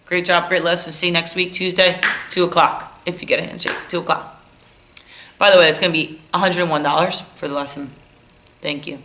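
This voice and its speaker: A woman's voice: fairly low pitch, fairly even intonation, brisk, noisy background, natural voice. A woman acting out a careless private lesson coach who takes a phone call in the middle of a lesson. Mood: distracted. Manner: distracted, half-attentive, mumbling.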